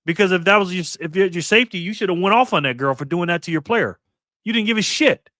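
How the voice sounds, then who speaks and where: A man's voice: sits high, quick pace, pushed and bright, dry recording, clean studio sound. A man in his fifties from New York State, hosting a live political commentary stream and ranting angrily with lots of profanity. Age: 50s. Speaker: livestream host.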